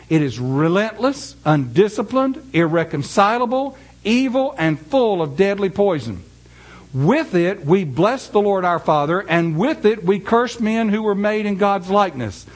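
A man whose voice sits high and animated preaches a sermon, first reading scripture slowly and emphatically. He then tells a folksy story to his congregation.

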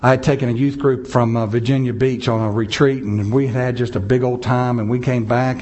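A man's voice: mid-range voice, a little mellow. A man preaching a sermon, telling a story with dramatic swings of pace and emphasis. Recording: dull lo-fi sound.

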